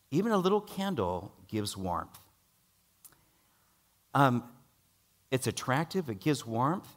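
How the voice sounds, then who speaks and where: Man telling a sermon story. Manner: storytelling, animated, rises loud for dialogue and drops low for worry. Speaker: preacher.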